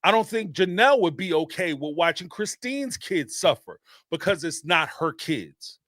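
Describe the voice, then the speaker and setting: A man's voice: fairly high pitch, expressive, moderate pace, a bit bright, dry recording, clean studio sound. A man hosting a live reality TV commentary, talking casually and emphatically and repeating points for effect. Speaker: host of a reality TV commentary channel.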